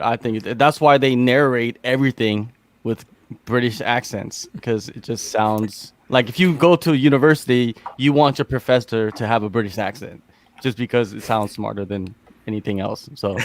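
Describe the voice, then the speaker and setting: A man's voice: medium pitch, no room sound. A man with an American accent hosting a casual podcast chat, asking rambling, filler-heavy questions. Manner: laid-back, rambling questions with many fillers. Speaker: podcast host.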